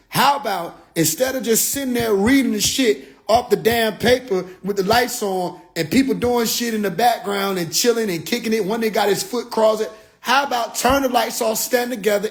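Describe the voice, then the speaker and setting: A man with a high-pitched voice rants casually on a phone livestream, full of swearing and animated energy. He keeps dropping into low, mocking impressions of other people. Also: moderate pace, gravelly. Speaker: livestream host.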